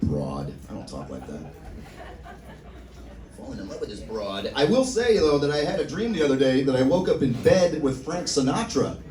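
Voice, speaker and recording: A man's voice: mid-range voice, very animated, moderate pace, a little mellow, far from the mic. A man doing a stand-up set on a comedy club stage, wry and self-mocking. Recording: roomy club sound from afar. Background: audience laughter.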